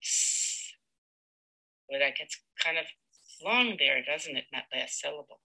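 A woman teacher leading a live demonstration lesson with a child, patient and encouraging, slowly sounding out words. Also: low-pitched, lively intonation, vocal fry, bright, forceful tone, low-quality recording.

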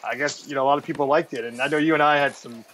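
A man's voice: fairly high pitch, steady tone, very fast, a bit bright, slight background noise, poor audio. An American man, a guest on a podcast, chatting casually and hesitantly with chuckles between thoughts.

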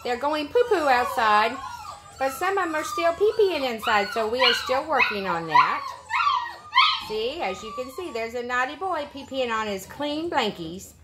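A woman breeder talks casually through a home video, her voice high and swinging widely in pitch. She drops into cooing baby talk now and then. Loud background noise sits under her voice. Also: huge pitch swings, moderate pace. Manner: coos baby talk to puppies. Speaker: dog breeder. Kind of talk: casual vlog narration. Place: indoors in a puppy pen area. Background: puppies whining and crying.

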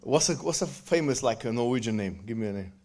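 A man giving a lively religious lecture to a live audience, joking and bantering with the crowd and quoting verses in quick Arabic recitation. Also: mid-range voice. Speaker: speaker at a religious event.

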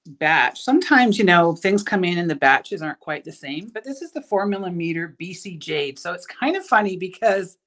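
A woman's voice: lowish voice, expressive, moderate pace, a bit bright. A middle-aged woman hosts a casual live bead showcase, sounding tired and stumbling over her words as she chats. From Canada. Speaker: bead shop owner hosting a live product show.

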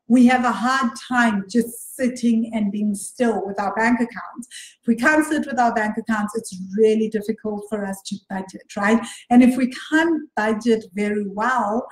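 A woman hosting a podcast as a money coach, talking casually and often checking in with "right?" and self-corrections. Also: a little high. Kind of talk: casual solo podcast talk. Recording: roomy echo.

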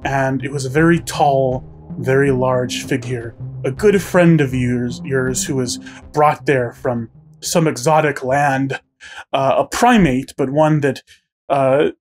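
A man's voice: mid-range voice, measured pace, faint music behind. A man running a tabletop game as game master, narrating scenes in a descriptive way with frequent filler words.

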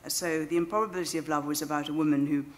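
A woman's voice: deep voice, steady tone, rapid-fire, a little hiss or hum. A woman in her fifties telling a self-deprecating, wry story to a live audience. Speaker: speaker at a storytelling event. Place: stage before an audience.

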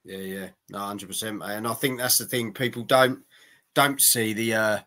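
Supportive interviewer, bright voice. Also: male voice, lowish voice, fairly even intonation, moderate pace. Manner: supportive, agreeing. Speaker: interviewer, host. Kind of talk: casual interview chat.

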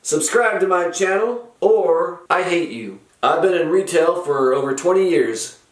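A middle-aged man with a slightly high voice tells his comic stories in a slow, deadpan way, grumpy and sarcastic throughout. He sits back from the mic, and the room around him rings. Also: distant mic. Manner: sardonic, dry, grumpy. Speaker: comedic storyteller host. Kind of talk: deadpan comic retail storytelling. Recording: roomy echo, from off-mic.

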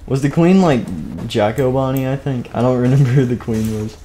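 A man's voice: medium pitch, brisk, warm tone, soft background music. A man streaming and narrating a game role-play, playful and rambling, often laughing.

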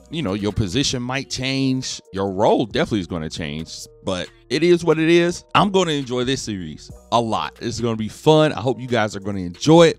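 A young man giving excited, slangy commentary over his basketball video game, hollering at big plays. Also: mid-range voice. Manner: casual slangy talk. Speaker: gaming YouTuber. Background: game music.

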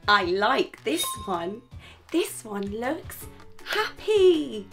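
Slow, sing-song teacher for toddlers. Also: female voice, a little high, big pitch swings, creaky, soft background music. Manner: exaggerated, sing-song, gasping. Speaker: children's teacher host. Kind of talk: toddler lesson.

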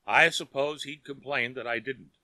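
A man's voice: medium pitch, moderate pace, bright, forceful tone, dry recording. Stern, shrewd older father, read by a man. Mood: guarded. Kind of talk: audiobook character reading.

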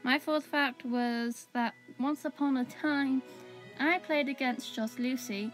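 A woman's voice: high-pitched, slow, faint music behind, rough recording. A young woman, co-hosting a casual chat and teasing her friend. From Wales. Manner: chatty, teasing. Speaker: co-host.

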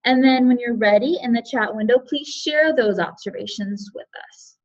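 High-voiced woman leading a teaching webinar. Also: normal speed, lo-fi sound. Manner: friendly, reads out chat guesses and thanks participants. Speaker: webinar presenter for educators. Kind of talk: live online teaching webinar.

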